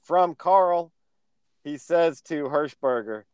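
A man co-hosting a casual movie review podcast, leading the segment in a relaxed, dry way. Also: on the high side, takes it slowly, clear, resonant tone, dry recording. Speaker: podcast co-host.

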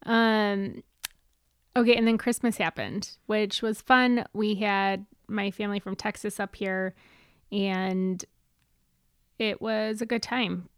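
A woman in her thirties co-hosting a podcast, chatting in a relaxed, teasing way. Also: medium pitch, slow pace, clean tone, dry recording, clean studio sound. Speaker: podcast co-host. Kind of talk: casual chat.

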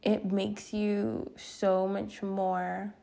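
A woman's voice: medium pitch, level tone, drawn-out words, creaky, mellow. A young woman vlogging in a casual rambling monologue, candid and swearing, laughing at herself. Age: young adult.

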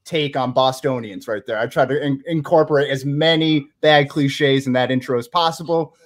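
A man's voice: mid-range voice, moderate pace. A man hosting a casual podcast, joking and asking his guest questions. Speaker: podcast host.

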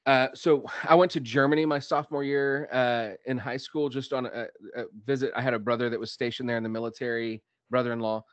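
A man from Dallas, hosting a podcast and telling stories with lively quoted voices. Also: medium pitch, fairly quick, few pauses, no echo. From Dallas, Texas. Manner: animated storyteller, acts out quotes. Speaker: podcast host. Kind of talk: casual chat, storytelling.

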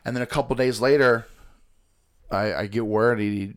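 A man's voice: mid-range voice, fairly even intonation, normal speed, clear, resonant tone. A man hosting a podcast and chatting casually. He swears freely and acts out other people's lines as he tells stories. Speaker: podcast host. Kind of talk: casual chat, storytelling.

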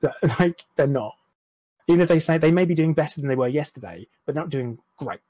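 In a dry recording, a young man with a fairly high, warm voice speaks quite quickly. He's an interview guest having a candid personal chat, rambling openly, starting over mid-thought and making self-deprecating remarks.

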